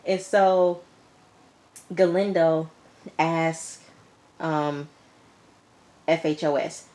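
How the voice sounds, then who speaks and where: A woman with a slightly low voice gives a casual episode recap. She is chatty and animated, calls her viewers y'all and girl, and slips into the characters' lines as she goes. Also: very slow. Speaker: TV episode reviewer.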